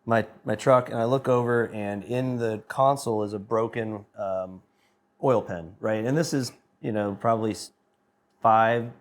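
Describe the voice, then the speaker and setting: A man in his thirties, a band member on a podcast, rambling excitedly through a story and swearing freely. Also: fairly low pitch, a little slow. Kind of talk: casual anecdote telling.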